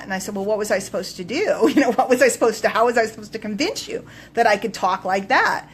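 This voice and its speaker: A woman coach telling a story on a live stream, emphatic and animated, swinging between loud bursts and quiet asides. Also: mid-range voice, fast, few pauses, a little hiss or hum. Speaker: business coach.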